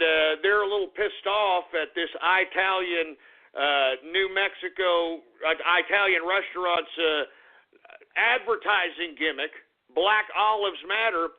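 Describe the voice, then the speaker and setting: A man hosting a political talk radio show, ranting angrily and profanely at his listeners, with a tinny phone-like recording sound. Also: fairly high pitch.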